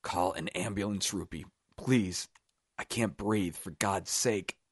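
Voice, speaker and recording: A man's voice: deep voice, slow, no room sound, clean studio sound, full character voice. A man doing a breathless, dying Scotsman. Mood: pleading. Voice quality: breathy, whispery. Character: wounded Scottish man, dying, pleading.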